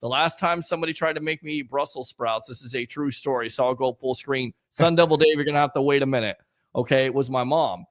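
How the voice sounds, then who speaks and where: A man in his forties hosting a sports talk show, telling stories loudly and playfully. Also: mid-range voice, fast talker, no echo. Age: 40s. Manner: animated storyteller, loud and playful. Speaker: host.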